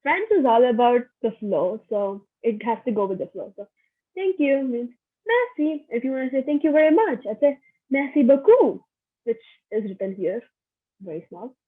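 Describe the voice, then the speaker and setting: A young woman teaches a relaxed online lesson, chatting loosely and repeating each phrase so learners can follow. Her voice sits a little high and sounds slightly husky. The audio is thin and narrow, like a phone line. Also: moderate pace. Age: young adult. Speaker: French workshop teacher. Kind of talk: casual online language lesson.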